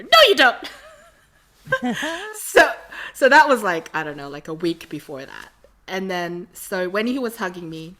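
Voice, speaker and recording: Bright-voiced woman telling stories. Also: on the low side. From Australia. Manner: animated, laughs often while telling stories. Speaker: podcast guest. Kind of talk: casual storytelling interview.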